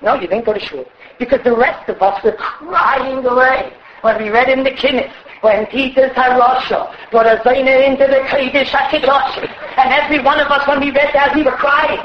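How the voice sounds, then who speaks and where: Impassioned high-voiced woman teaching a class. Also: fairly even intonation, normal speed, echoey room, dull audio. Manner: impassioned, often raising her voice to a shout; acts out quoted conversations. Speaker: religious teacher. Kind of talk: Torah class lecture.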